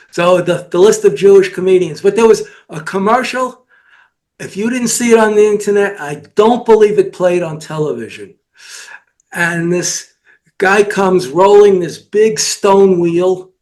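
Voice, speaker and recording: A man co-hosting a casual chat, telling anecdotes and listing names. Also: high-pitched. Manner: anecdotal, lists names, retells old jokes.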